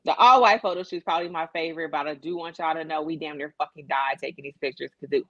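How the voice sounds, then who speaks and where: Woman, co-host, animated storyteller, lowish voice, dry dull recording. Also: fast, no room sound. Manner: animated storytelling with acted-out quotes. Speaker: podcast co-host. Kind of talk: casual chat.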